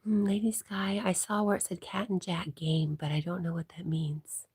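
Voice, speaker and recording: A congested woman hosting a casual livestream, chatting and reading viewer comments aloud, often dropping to a soft whisper. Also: lowish voice, flat delivery, moderate pace, breathy edge. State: congested from allergies. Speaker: livestream host.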